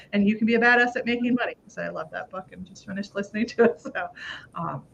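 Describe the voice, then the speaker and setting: A woman's voice: medium pitch, quick pace, creaky, dull audio, slight background noise. A woman hosting a casual podcast chat, upbeat and chatty, laughing often and swearing casually. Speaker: podcast host.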